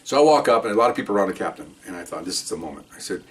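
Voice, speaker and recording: A fairly low-pitched older man speaks very fast, recorded from a distance. As a retired police officer, he tells a casual, rambling story with lots of animation, repeatedly adding "okay?".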